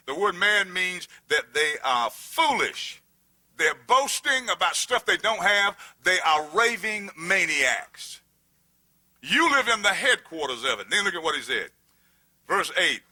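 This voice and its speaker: A middle-aged pastor preaching a sermon, building from quiet reading to shouted, humorous emphasis. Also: male voice, high voice, very animated, measured pace.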